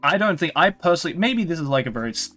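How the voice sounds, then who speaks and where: A man's voice: fairly high pitch, sing-song, rapid-fire, bright, forceful tone, soft background music. A young man with an Australian accent, chatting casually as a stream host, rambling with fillers and restarts. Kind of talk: casual chat.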